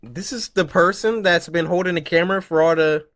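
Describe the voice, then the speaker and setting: A man hosting a comedic video reaction show, joking and breaking into loud outbursts. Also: on the high side, fairly quick, noisy background.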